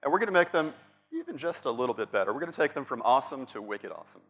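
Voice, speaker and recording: Animated man giving a conference talk. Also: mid-range voice, racing, breathy edge. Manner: animated, upbeat, addresses the room directly. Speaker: conference speaker. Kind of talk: live workshop talk to an audience. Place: conference room before an audience.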